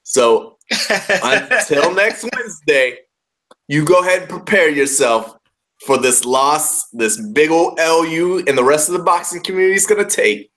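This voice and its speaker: A man's voice: a little high, lively intonation, measured pace, fairly bright tone. A man hosting a wrestling radio show, bantering casually and trash-talking playfully, often repeating himself. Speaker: podcast host.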